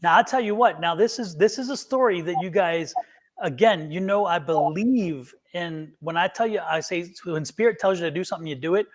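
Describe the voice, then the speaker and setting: A tarot reader appearing as a show guest chats casually on a live stream in a high-pitched, slightly fast voice. He tells a rambling story with animation, acting out every voice on both sides of the conversation.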